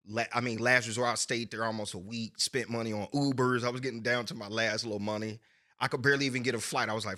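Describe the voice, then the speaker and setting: A man's voice: mid-range voice, fairly even intonation, fast, bright, forceful tone. A man co-hosting a podcast who tells loose, laughing stories in casual chat. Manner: loose, laughing storyteller who acts out other people's voices. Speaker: podcast co-host.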